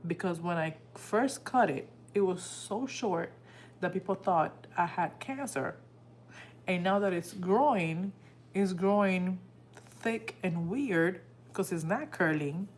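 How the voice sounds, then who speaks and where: A woman tells a personal story on her live stream in a casual, heartfelt way. She acts out what others said in lively bursts. Her voice sits a bit low, with a faint steady hum in the background. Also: takes it slowly. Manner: animated, emotional retelling that acts out quoted dialogue. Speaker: livestream host.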